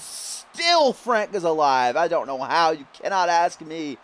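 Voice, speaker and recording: Male play-by-play commentator for a wrestling video game, higher voice, jokey and prone to sudden shouting. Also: unhurried, hardly any pauses. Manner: jokey, yells in sudden excitement.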